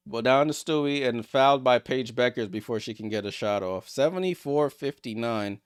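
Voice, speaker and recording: A man streaming a basketball watchalong, calling plays in casual, excitable, joking commentary. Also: mid-range voice, moderate pace, smooth, dry recording, clean studio sound. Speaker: streamer hosting a game watchalong. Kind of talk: casual live play-by-play commentary.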